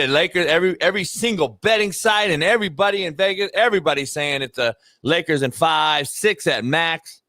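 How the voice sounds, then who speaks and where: A man's voice: fairly high pitch, fairly quick, hardly any pauses, sharp tone, no room sound, clean studio sound. A man hosting a sports talk show, ranting emphatically and with plenty of profanity about basketball.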